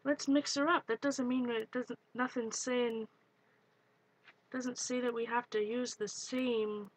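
A woman hosting a live art stream, chatting excitedly as she works and greets viewers. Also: a little high, unhurried, slight background noise. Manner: excitable, talks while working, greets viewers. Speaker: art livestream host. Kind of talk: live crafting demo, chatty.

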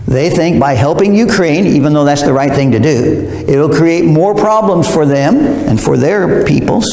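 A man's voice: on the high side, gravelly, a little mellow. Guy preaching verse by verse, talks right to the folks, kinda rambly, roomy echo all around. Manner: conversational, digressive, addresses listeners directly. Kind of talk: verse-by-verse Bible sermon. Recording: roomy hall reverb.

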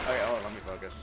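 A young man live-streaming in casual chat, animated and profane as he jokes back at his viewers. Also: lowish voice. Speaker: livestreamer.

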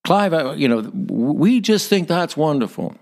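Gushing American church friend put on by an Irish man, high and eager, accent deliberately overdone. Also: big pitch swings, a little mellow. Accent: American, put on badly.

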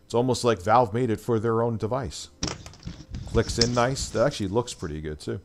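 A man's voice: mid-range voice, normal speed, noisy background. Profane sarcastic male livestream host. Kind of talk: casual livestream chat.

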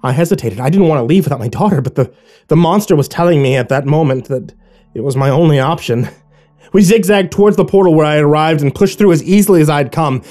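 Brief: male horror narrator, mellow, measured, faint music bed. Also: fairly high pitch, lively intonation. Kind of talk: first-person horror story reading.

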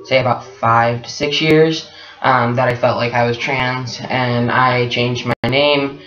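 A man in his twenties, telling a personal story in a candid, reflective, soft-spoken way. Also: mid-range voice, fairly even intonation, measured pace. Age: 20s. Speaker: guest partner. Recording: echoey room, dull lo-fi sound.

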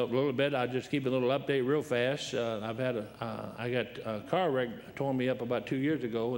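Folksy old preacher in a reverberant church. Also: male voice, mid-range voice. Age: 70s. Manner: folksy, rambling, humorous storyteller. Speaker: guest preacher. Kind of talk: sermon with personal storytelling. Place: church sanctuary.

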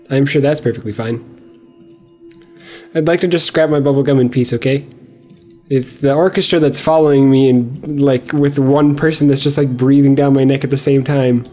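A man's voice: medium pitch, dark tone. A young man commenting on a horror game as he plays, joking and sarcastic while he rambles to himself. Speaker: gameplay commentator. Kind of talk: let's play commentary.

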